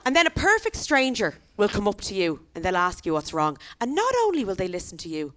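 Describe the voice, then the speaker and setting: A woman's voice: medium pitch, huge pitch swings, a little fast, fairly bright tone. A young Irish woman performing a stand-up comedy set, telling stories in a chatty way with lots of tag questions. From Ireland. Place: comedy venue stage.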